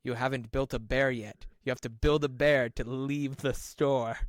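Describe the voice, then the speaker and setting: A man's voice: medium pitch, fairly even intonation, moderate pace, no room sound, lightly acted. A man voicing a strict, scolding human-sized security teddy bear in an improvised story. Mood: stern. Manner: bossy, scolding.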